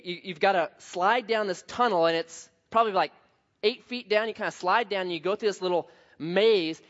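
High-voiced animated man preaching a sermon. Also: muffled recording. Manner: animated storyteller, acts out voices and sound effects. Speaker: pastor. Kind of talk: sermon with storytelling.

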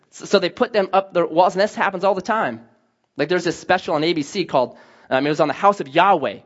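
A man preaching a sermon as a pastor, telling stories with lively acted-out dialogue. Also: high voice, fast talker. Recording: dull lo-fi sound.

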